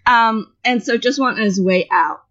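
A woman chatting casually as she tells a story, animated and loose, swearing freely and acting out what people said. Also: fairly high pitch, normal speed. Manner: animated, loose and profane, acts out the dialogue. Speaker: podcast co-host telling a story. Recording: slightly dull lo-fi audio.

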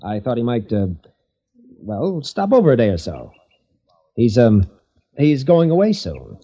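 An actor playing a worried, earnest cousin in a 1940s radio drama, speaking urgently. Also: male voice, medium pitch, very animated, unhurried, mellow. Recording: hissy, dull old radio recording.

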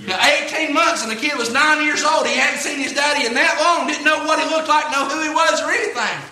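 High bright-voiced preacher. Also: male voice, brisk, echoey room. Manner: folksy retelling, "he said" refrains. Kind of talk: storytelling sermon.

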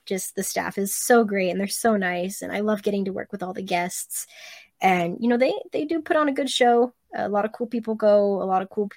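A woman's voice: mid-range voice, dry recording. A woman chatting casually as a podcast guest, talking freely and laughing often. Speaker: podcast guest, convention volunteer. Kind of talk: casual chat.

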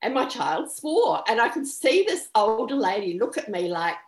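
A woman's voice: a little high, sing-song, moderate pace. A middle-aged woman from New Zealand with a New Zealand accent, telling anecdotes in casual chat. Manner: chatty anecdotal storytelling. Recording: roomy echo.

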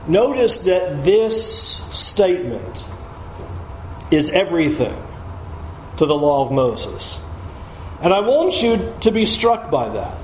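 A man's voice: a little high, very animated, takes it slowly, long pauses, reverberant, a little hiss or hum, low-quality recording. A man preaching a sermon as a pastor, emphatic, repeating key phrases for stress.

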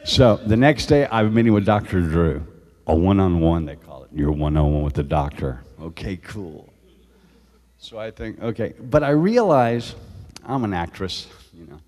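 A man telling animated stories as a guest, often laughing as he talks. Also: deep voice, moderate pace, long reverb tail. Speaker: guest actor. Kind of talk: casual storytelling.

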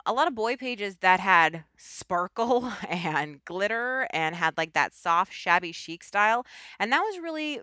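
A woman's voice: medium pitch, bright, forceful tone, smooth, no room sound, clean studio sound. A woman hosting a crafting podcast, chatting casually with enthusiasm and rambling asides. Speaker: podcast host. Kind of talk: casual chat.

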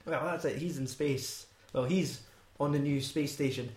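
A man's voice: mid-range voice, moderate pace, a little mellow. Scottish guy rambling about a movie, swears a lot, kinda echoey room. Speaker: podcast co-host. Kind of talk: casual film chat.

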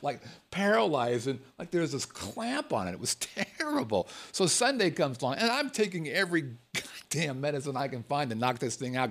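A man telling a casual story in a monologue, joking at himself and swearing freely. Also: mid-range voice.

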